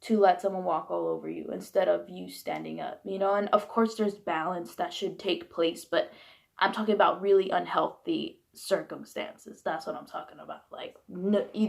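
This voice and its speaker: A woman's voice: lowish voice, gravelly, a little mellow. A young woman in her twenties venting bluntly and heatedly about her upbringing, swearing freely in a candid vlog. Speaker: vlogger. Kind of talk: candid personal rant.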